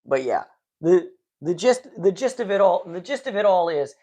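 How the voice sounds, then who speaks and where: A man's voice: high voice, sing-song, normal speed, dark tone. A tired man chatting casually on a live stream, rambling and poking fun at himself. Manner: rambling, self-deprecating, tired.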